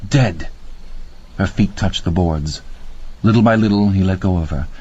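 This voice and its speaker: A man with a husky voice narrating a horror audiobook with slow, dramatic pacing. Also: low-pitched, darkish tone. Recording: dull lo-fi audio.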